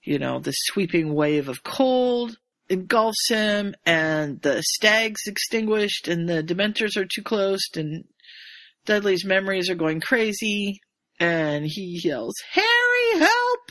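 A woman retells a story to her co-host in a lively, animated way, slipping into quoted voices. She talks casually at a medium pitch. The recording is close and dry. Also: slow pace, no echo. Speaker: podcast co-host recapping a story. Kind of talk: casual chat.

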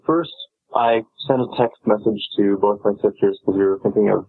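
A man's voice: on the low side, fairly even intonation, moderate pace, creaky. A man co-hosting a casual podcast, speaking hesitantly with many ums, heard over a tinny phone-like line. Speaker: podcast co-host. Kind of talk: casual chat.

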